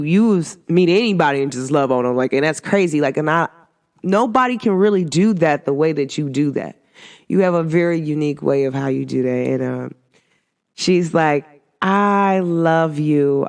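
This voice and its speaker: A woman hosting a podcast, talking casually in a rambling, animated way with many fillers. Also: deep voice. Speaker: podcast host.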